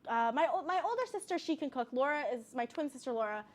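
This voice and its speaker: A young woman chatting in an interview as a guest, an animated storyteller. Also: high-pitched, fast talker. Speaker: guest, cooking show host. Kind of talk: casual interview chat.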